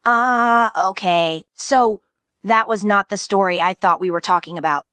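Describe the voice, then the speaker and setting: A woman's voice: mid-range voice, measured pace, a bit bright, clear, resonant tone, no room sound, lightly acted. A woman voicing a nervous, sheepish male frog recounting a story. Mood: flustered.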